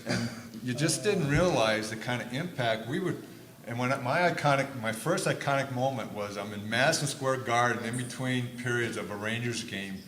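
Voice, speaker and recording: An older man on a conference panel telling lively stories, acting out quotes loudly. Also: mid-range voice. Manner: animated storyteller, acts out quotes loudly. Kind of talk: storytelling on a panel. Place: conference stage. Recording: echoey room with faint noise.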